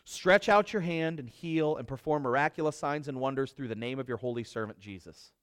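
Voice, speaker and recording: A man preaching a sermon in an animated way, acting out quotes and adding jokey asides. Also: medium pitch, brisk, smooth.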